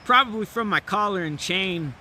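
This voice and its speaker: Plump pampered house dog, offhand and content, a little lower and softer, as a man telling a fable puts him on. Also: lively intonation, moderate pace, a little hiss or hum, exaggerated voice. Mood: smug. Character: plump, well-fed male house dog, complacent.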